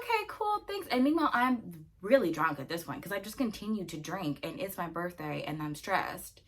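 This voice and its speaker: A young woman in her twenties telling a story in a chatty, animated way, often laughing. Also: sits low, creaky. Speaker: vlogger. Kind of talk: casual storytime chat.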